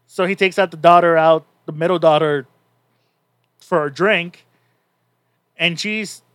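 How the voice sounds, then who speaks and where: A man's voice: on the high side, fairly even intonation, unhurried, a bit bright, dry recording. A man co-hosting a podcast, casually recapping a story in a rambling way with many restarts. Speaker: podcast co-host.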